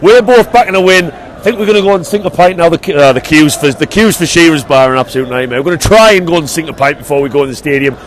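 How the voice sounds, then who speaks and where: Chatty football fan vlogging outside. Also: male voice, on the high side, fast talker, slight background noise. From England. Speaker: vlog host. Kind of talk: matchday vlog. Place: outdoors on city streets.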